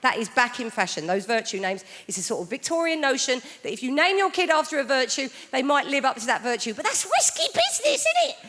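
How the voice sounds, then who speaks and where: A woman's voice: sits high, animated, fast, hardly any pauses, a bit bright. A woman in her forties doing a stand-up routine on a theatre stage, telling stories in a dry, conversational way. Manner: dry, conversational storytelling with mock voices. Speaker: stand-up comedian. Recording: theatre reverb, audible background noise.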